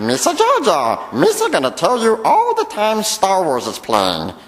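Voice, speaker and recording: A man's voice: sits high, huge pitch swings, measured pace, a little hiss or hum, pitched above the performer's own voice, exaggerated voice. A man doing Jar Jar Binks, goofy and garbled. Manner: silly, garbled speech. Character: goofy clumsy male alien sidekick. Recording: long reverb of a temple hall.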